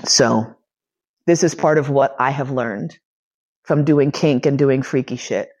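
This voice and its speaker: A woman's voice: very deep voice, unhurried, a little mellow, husky. A woman in her forties giving a personal storytelling lecture, candid, profane and emotionally charged. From United States. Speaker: lecturer and podcast host.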